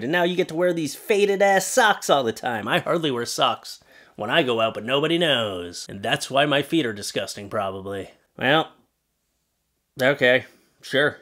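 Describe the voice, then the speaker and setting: Guy doing a jokey roast of pics, sarcastic, swears a bit, mid pitch voice. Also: a bit bright. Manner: swears casually. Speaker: YouTube commentator. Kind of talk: comedic commentary on pictures.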